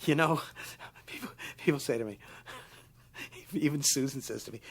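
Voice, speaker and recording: Angry, ranting older man, high voice. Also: expressive, brisk, long pauses, breathy edge. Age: 70s. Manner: angry, sarcastic, profane ranting; acts out the people he quotes. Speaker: interviewee, writer. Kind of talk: documentary interview rant.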